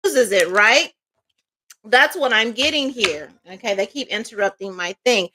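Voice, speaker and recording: A woman with a bright, slightly high voice talks her way through a tarot reading. She rambles in a chatty, offhand way, full of fillers and little asides. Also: animated, moderate pace. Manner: chatty, loose storytelling with many fillers and asides. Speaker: tarot reader. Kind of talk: casual tarot reading monologue.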